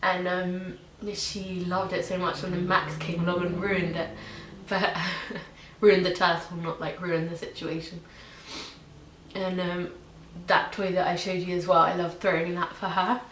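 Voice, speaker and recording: Low, flat-voiced young woman vlogging. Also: a little slow. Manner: chatty, many ums and likes. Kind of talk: casual pet tag video. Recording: echoey room with faint hiss.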